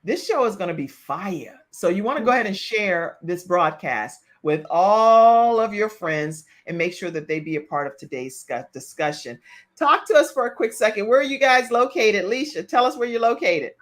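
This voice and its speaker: A woman's voice: mid-range voice, lively intonation, moderate pace. A woman hosting an online talk show over a video call, chatting playfully, teasing her guests and laughing often.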